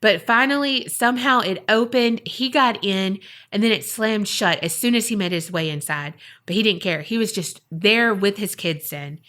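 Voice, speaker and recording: A woman's voice: medium pitch, moderate pace. A woman hosting a podcast, casually telling a paranormal story and acting out the voices of the people in it. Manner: lively, acts out quoted voices. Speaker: podcast host.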